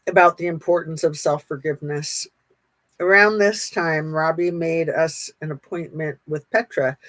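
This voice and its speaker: A woman's voice: sits low, no room sound, poor audio. Casual woman host, dry close sound. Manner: casual, with fillers and self-corrections. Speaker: channel host reading a memoir aloud. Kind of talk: reading aloud, then chatting with viewers' comments.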